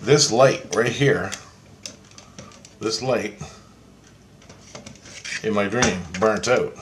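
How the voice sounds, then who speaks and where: A man's voice: lowish voice, very slow, background noise. A man casually telling a long story in a rambling, repetitive way, swearing freely. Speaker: vlogger. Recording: echoey room.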